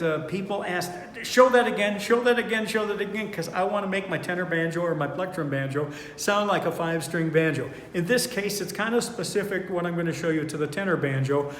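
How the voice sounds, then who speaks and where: A man teaching four-string banjo in a relaxed, unhurried way, thinking aloud with fillers as he plays. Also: fairly high pitch, a little hiss or hum. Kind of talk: relaxed online music lesson. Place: indoor room, playing banjo while talking. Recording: echoey room with long reverb, banjo playing behind.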